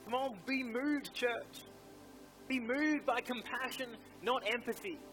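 A man's voice: very high-pitched, a little slow, fairly bright tone, soft background music, poor audio. A male pastor preaching a sermon in a church, fervent and exhorting, urging his listeners on again and again. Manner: fervent, exhorting, repeats "come on".

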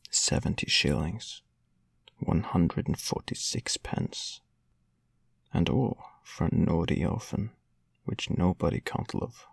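Storybook beadle, pompous and moralizing, read by a man, husky deep voice. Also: dry recording, full character voice. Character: pompous self-important male parish beadle.

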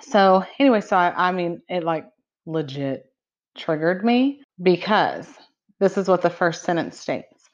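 A woman's voice: fairly low pitch, very animated, measured pace. A middle-aged woman co-hosting a podcast, chatting casually and laughing easily. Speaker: podcast co-host. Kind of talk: casual chat. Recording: dull lo-fi sound.

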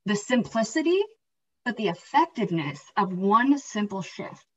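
A woman co-hosting a podcast, talking in an energetic, rambling, motivational way, often tossing in "right?" and "like". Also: mid-range voice, moderate pace, slightly rough. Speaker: podcast co-host. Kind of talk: casual motivational chat. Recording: slightly distant, dull lo-fi sound.

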